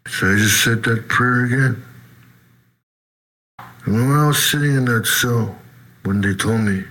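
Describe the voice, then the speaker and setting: Slow, bright-voiced man telling his story. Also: medium pitch, rough recording. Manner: halting, conversational, with tag questions like "you know" and "eh". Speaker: person giving a testimony. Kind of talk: personal testimony storytelling.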